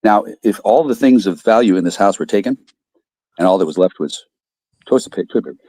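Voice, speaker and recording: A man rants on a video call, hurling profanity and demanding answers. His voice is husky and his delivery rapid. The sound is close and dry. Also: fairly low pitch, expressive, dark tone, no room sound. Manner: angry, combative, profane. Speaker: guest on a live call-in stream. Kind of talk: profane ranting.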